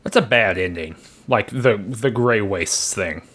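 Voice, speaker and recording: A man's voice: lowish voice, unhurried, fairly bright tone. A man co-hosting a podcast, chatting in a laid-back, teasing way. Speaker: podcast co-host. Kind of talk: casual podcast chat.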